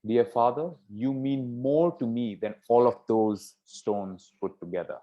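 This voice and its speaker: A man voicing a sweet young princess who flatters her father, on a dull lo-fi recording. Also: medium pitch, a little slow, lightly acted. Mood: flattering. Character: adoring young princess, second daughter. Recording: dull lo-fi sound.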